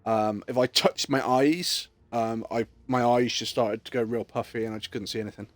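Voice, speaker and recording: A man's voice: medium pitch, fairly even intonation, normal speed, dry recording. A man, chatting casually on a game live stream as a rambling storyteller who swears freely.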